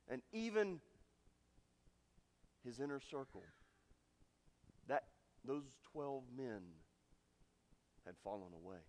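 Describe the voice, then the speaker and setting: A man preaching a sermon with dramatic swings from loud, emphatic lines to hushed endings. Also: medium pitch, big pitch swings, takes it slowly, long pauses. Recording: long reverb of a large hall.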